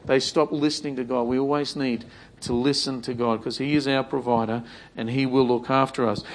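A man's voice: mid-range voice, little pitch movement, fairly quick. A man preaching a sermon in a conversational way, repeating phrases and acting out imagined prayers.

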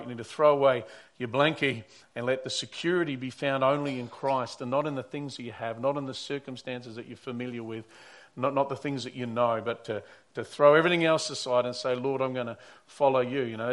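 A man's voice: medium pitch, fairly bright tone. A man who is a pastor preaching a sermon, telling stories earnestly and often repeating or restarting his words.

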